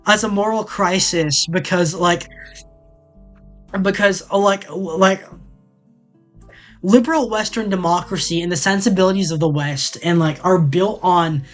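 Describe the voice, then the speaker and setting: A man streaming a casual chat, rambling and joking with many restarts and frequent laughs, from the southern United States. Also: high-pitched.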